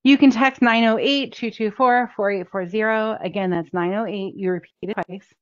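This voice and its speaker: A woman's voice: medium pitch, fairly even intonation, moderate pace, dry recording. Chatty woman chiropractor coaching practice owners, upbeat, dry lo-fi sound. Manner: chatty, upbeat, repeats key points. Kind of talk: instructional talk. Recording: dull, dry lo-fi recording.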